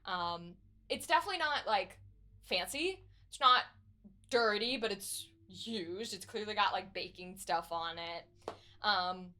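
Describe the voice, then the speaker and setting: Casting: woman game master, slow, casual narration, bright tone. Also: medium pitch. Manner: casual, descriptive, filler-heavy.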